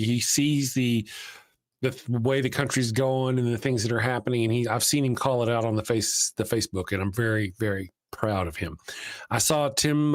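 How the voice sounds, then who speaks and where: A man chats loosely on a live stream, wandering from thought to thought and restarting sentences with an easygoing curse here and there. His voice sits at an ordinary middle pitch. The sound is close and dry, with no room around it. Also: dry recording. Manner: rambling, self-interrupting, swears casually. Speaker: livestream host. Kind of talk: casual live-stream chat.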